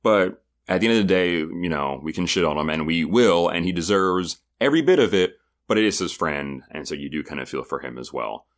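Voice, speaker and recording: A man with a very low voice co-hosts a podcast. He recaps episodes in a loose, chatty way and jokes along as he goes. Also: lively intonation. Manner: chatty, joking, does quick impressions of people. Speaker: podcast co-host. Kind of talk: casual recap chat.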